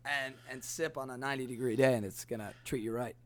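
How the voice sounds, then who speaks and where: A man's voice: mid-range voice, steady tone, fast. A man hosting a casual cocktail podcast, talking in a rambling way with many fillers. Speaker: podcast host. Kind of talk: casual chat about cocktails.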